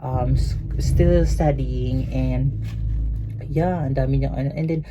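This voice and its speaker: Over soft background music, a crew member from a cruise ship, a Filipino-accented speaker from the Philippines, casually rambles through a story with many fillers, blending Tagalog and English. The mid-range voice is warm and fairly even, at a normal speed, captured in dull lo-fi sound with a faint hiss.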